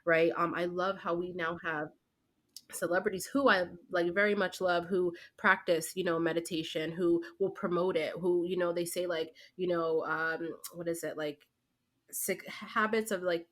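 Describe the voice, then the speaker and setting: A young woman, a teacher and guest, talking in casual conversation and often filling with "like" and "right?". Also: lowish voice. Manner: animated, heavy fillers like "like" and "right?".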